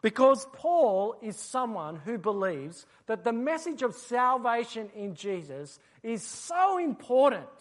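A preacher giving an expository sermon, explaining a passage and asking rhetorical questions. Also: mid-range voice.

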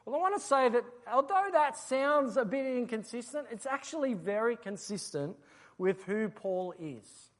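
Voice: mid-range voice, lively intonation, normal speed. A preacher giving an expository sermon, explaining a passage and asking rhetorical questions.

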